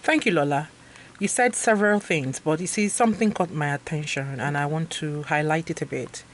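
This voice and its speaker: A woman's voice: sits low, normal speed, a little hiss or hum. A woman with a Nigerian accent hosting a live interview, affirming her guest and slipping into Pidgin. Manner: animated, affirming, mixes in Pidgin. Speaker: interview host.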